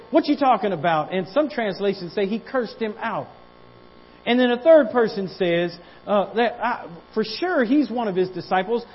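A man's voice: high voice, lo-fi sound, a little hiss or hum. A man preaching a sermon as pastor, repeating words as he builds and calling on the church to say amen.

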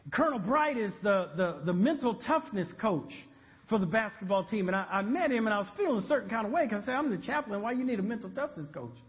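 A male pastor preaching a sermon, animated and humorous, building to shouts. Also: extremely high pitch, in a large hall, muffled recording.

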